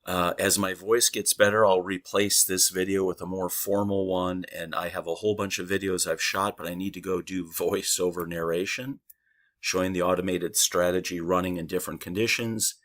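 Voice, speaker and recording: Very low-voiced man, hoarse from a cold. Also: little pitch movement, moderate pace, fairly bright tone. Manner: loose, rambling, thinks aloud with fillers. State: recovering from lost voice and sore throat. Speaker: trading software instructor. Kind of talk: casual screen-share tutorial.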